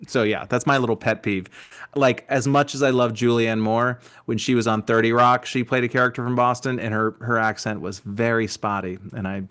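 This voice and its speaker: A man's voice: mid-range voice, steady tone, normal speed, a bit bright, clean tone. A man who is a guest comedian, chatting casually on a podcast and telling stories in a rambling way, often breaking off and restarting his sentences. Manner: rambling, self-interrupting storyteller.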